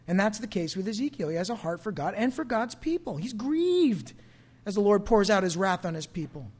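A man with a high, slightly mellow voice preaches a sermon as a pastor. He speaks conversationally and puts questions to the congregation.

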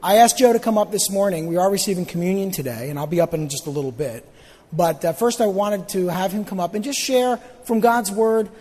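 Earnest pastor introducing a guest, echoing hall. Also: male voice, sits high, a little mellow. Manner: earnest, halting with fillers. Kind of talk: introducing a guest speaker in church. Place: church sanctuary. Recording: long church hall reverb.

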